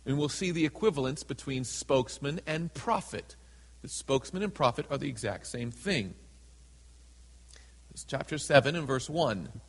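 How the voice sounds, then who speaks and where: A man preaching a sermon in a church, reading scripture slowly and dramatically and acting out the people in it. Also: mid-range voice, lively intonation, husky. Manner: reads scripture slowly and dramatically, voices characters in asides. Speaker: pastor. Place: church sanctuary. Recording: hall with long reverb.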